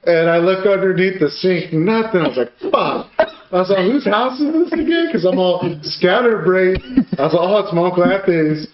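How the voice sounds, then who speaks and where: A man's voice: high-pitched, moderate pace. Profane laughing man in an echoey room. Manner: profane, laughing while telling a story. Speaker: podcast co-host. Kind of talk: casual storytelling. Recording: echoey room, dull lo-fi sound, faint noise.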